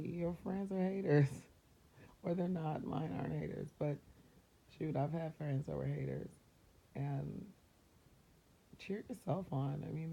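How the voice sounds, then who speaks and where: A woman talking casually and upbeat about mindfulness and positive thinking, chatty, laughing often and slipping into quick acted-out voices. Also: deep voice, vocal fry, mellow, a little hiss or hum. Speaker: self-help vlogger. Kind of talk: casual motivational talk. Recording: dull lo-fi recording.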